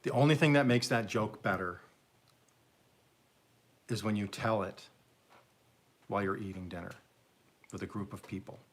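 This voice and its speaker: A man's voice: on the low side, moderate pace, long pauses. A man hosting a live stream, casually telling jokes as a rambling, chuckling storyteller. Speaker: livestream host.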